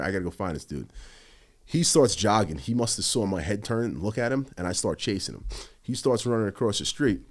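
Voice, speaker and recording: Fast-talking deep-voiced man telling stories. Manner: animated, heavy swearing, quotes himself. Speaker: podcast guest, former police officer. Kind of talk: casual storytelling.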